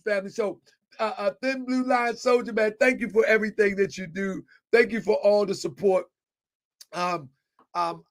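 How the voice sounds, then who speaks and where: Man, host, casual livestream chat, high pitch, gravelly, excitable and repetitive. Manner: repetitive, excitable, joking while waiting. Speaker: live show host.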